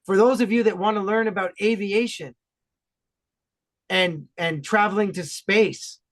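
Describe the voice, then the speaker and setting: A man from Ontario, Canada, talking enthusiastically and loudly as a guest in a casual podcast chat. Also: high voice, unhurried. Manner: enthusiastic, animated, loud talker.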